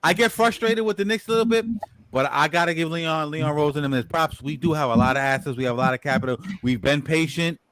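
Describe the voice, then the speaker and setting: A man's voice: a little high, fast, a bit bright, clear, resonant tone, no echo. A man from New co-hosting a casual sports podcast, talking in a rambling, profane way and repeating words as he thinks. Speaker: podcast co-host.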